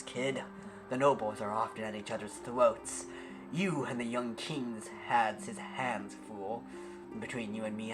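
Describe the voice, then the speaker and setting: A man voicing a weary, world-worn male captain who gives orders gravely, with game music behind. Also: mid-range voice, natural voice. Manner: grave, commanding.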